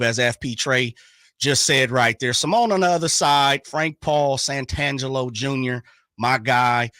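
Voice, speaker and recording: Male sports radio host, bright and punchy, dry studio sound. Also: medium pitch, dry recording. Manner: hyped, slangy, talks in quick bursts. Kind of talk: casual sports talk radio.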